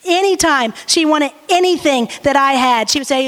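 A woman pastor in her forties, praying and preaching a sermon with earnest, lively storytelling. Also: high voice, normal speed. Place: church sanctuary. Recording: reverberant church hall.

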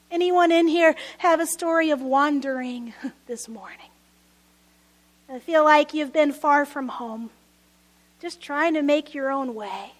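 A woman preaching a sermon, earnest and pleading, swelling louder on her appeals and dropping to near-whispers on tender lines. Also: very high-pitched.

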